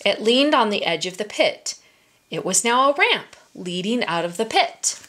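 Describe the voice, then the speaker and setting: A woman reading a children's storybook aloud at story time, in a slow, expressive manner for small children. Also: medium pitch, a little hiss or hum.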